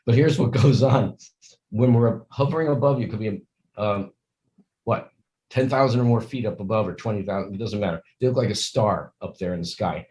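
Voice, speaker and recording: An older man with a fairly low voice and a mellow tone, talking as an interview guest. He speaks earnestly and rambles in long stretches. He acts out the lines he quotes. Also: fairly quick, poor audio. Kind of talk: conversational interview.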